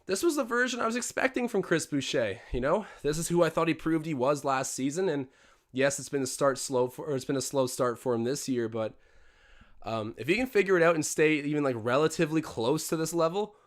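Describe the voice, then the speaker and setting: A young man hosting a live watch-along stream, commentating on a basketball game and getting excitable on big plays. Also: fairly quick. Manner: excitable, jumps up in pitch and volume on big plays. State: out of breath. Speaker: livestream host doing game commentary.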